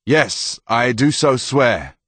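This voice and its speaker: A man's voice: mid-range voice, lively intonation, takes it slowly, a bit bright, husky, no echo, voice pushed up, full character voice. A man voicing an earnest young knight who swears his innocence emphatically.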